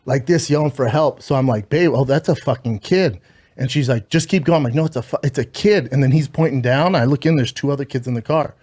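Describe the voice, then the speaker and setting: A man's voice: mid-range voice, quick pace. Man telling an emotional story, swearing often. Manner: emotional, profane, animated retelling. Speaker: podcast host. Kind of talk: casual podcast storytelling.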